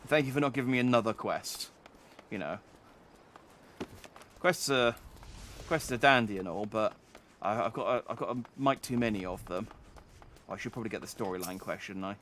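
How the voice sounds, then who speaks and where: A man's voice: lowish voice, normal speed, a bit bright, a little hiss or hum. A man streaming a game, tossing out rambling, wry, sardonic asides. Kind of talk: gaming stream commentary.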